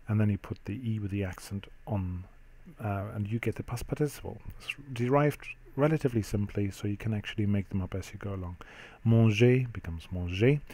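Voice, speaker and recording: A middle-aged man teaching French grammar in a steady, explanatory way, pausing often with ums. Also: fairly low pitch. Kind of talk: classroom-style grammar lesson.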